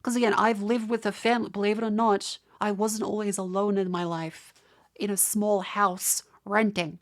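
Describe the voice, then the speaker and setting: A woman's voice: mid-range voice, flat delivery, moderate pace. Exasperated Australian woman ranting to chat. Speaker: streamer. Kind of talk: casual live-stream chat.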